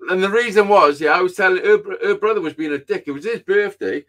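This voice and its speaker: A man telling a sweary, animated story in casual chat. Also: high-pitched, fast talker. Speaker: podcast host.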